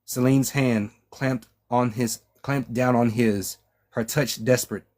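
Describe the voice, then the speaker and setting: A male author reads his own novel aloud at a slow, deliberate pace, often stopping to restart a word. His voice sits at an ordinary middle pitch for a man, and he drifts into casual chat with his listeners. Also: steady tone, darkish tone. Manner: measured reading with frequent restarts.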